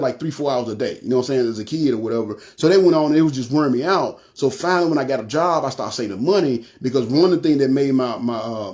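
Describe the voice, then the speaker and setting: A man telling his life story as a church testimony, animated and acting out the people he quotes. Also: on the high side. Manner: animated, acts out quoted voices, frequent "you know what I'm saying". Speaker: testimony speaker.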